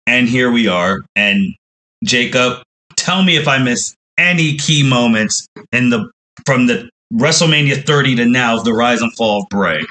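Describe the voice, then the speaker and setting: A man's voice: medium pitch, lively intonation, a little slow, sharp tone, rough recording. A man hosting a podcast, telling a long, rambling recap with frequent exclamations. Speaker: podcast host.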